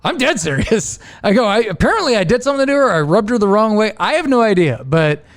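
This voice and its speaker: A man hosting a podcast, chatting casually and telling lively work stories, acting out what coworkers said. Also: high voice, fast. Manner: animated storyteller, acts out quotes of coworkers. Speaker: podcast host. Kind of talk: casual chat.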